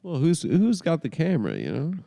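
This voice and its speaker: A man in his thirties co-hosting a casual comedy podcast, joking and quick to laugh. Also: a little high, huge pitch swings, vocal fry, dark tone, long reverb tail. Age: 30s. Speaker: podcast co-host.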